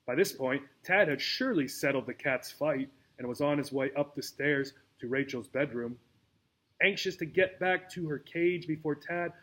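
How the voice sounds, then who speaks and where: Man reading a children's book aloud. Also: fairly high pitch. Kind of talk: storybook read-aloud.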